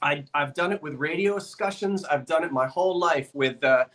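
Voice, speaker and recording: A woman's voice: low voice, moderate pace, very noisy. A chatty woman with a light South Jersey accent runs a live online antiques sale. Her talk is folksy and easygoing, and she laughs readily while she sells. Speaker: antiques auction host. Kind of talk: live-stream auction patter.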